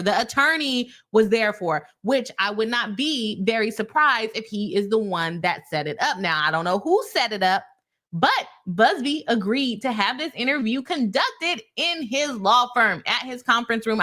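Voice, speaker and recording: A young adult woman hosts a casual live-stream of legal commentary, addressing her viewers as "y'all" in an animated, heated way. Her pitch is medium.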